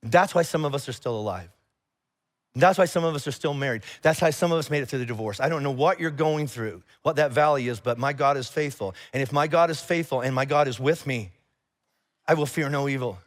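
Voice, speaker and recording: A man preaching a sermon to a church congregation in a conversational, animated way, acting out little exchanges of dialogue. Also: medium pitch, fairly quick. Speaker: pastor. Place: church auditorium.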